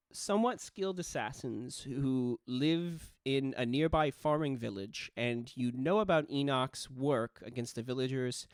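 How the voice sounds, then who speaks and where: Urza, voiced by a man as a calm male schemer. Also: medium pitch, smooth, no room sound, studio quality. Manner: calm and measured, with small smiles. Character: calm, measured male conspirator briefing assassins. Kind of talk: tabletop role-play voicing.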